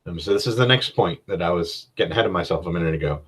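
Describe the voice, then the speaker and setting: A man hosts a casual solo podcast about running games. His voice sits fairly low and relaxed. He rambles and fills his talk with "um" and "you know," and he pokes fun at himself as he goes. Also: rapid-fire, breathy edge, poor audio. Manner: rambling and self-deprecating, with many fillers. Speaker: podcast host and game master.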